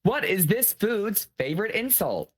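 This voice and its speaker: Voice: medium pitch, very animated, unhurried. A game show host running a casual online contest, playful and teasing, laughing often, over a video call.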